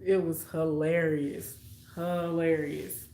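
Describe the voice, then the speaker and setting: A woman's voice: low-pitched, flat delivery, slow, warm tone. A young adult woman, telling childhood stories and chatting with viewers on a late-night live stream, laughing often. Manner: laughs often, storytelling, reads viewer comments. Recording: echoey room.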